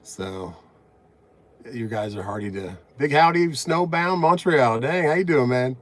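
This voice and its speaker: Streaming live from his truck cab on a phone propped on the dash, this middle-aged man greets his viewers and chats casually, somewhat out of breath. He speaks in an expressive mid-range voice at a slightly slow pace. He reads viewer comments out loud, staying chatty and upbeat.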